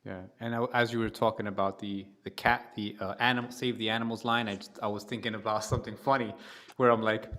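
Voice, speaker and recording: A man's voice: lowish voice, flat delivery, fast, fairly bright tone. A man co-hosting a casual political livestream, talking in a brash, crude, joking way. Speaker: livestream co-host.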